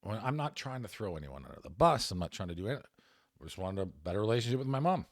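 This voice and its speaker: A man in his fifties co-hosting a podcast, telling a personal story in casual chat, animated and laughing as he goes, with the odd swear. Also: lowish voice, racing, dry recording, clean studio sound. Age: 50s. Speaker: podcast co-host.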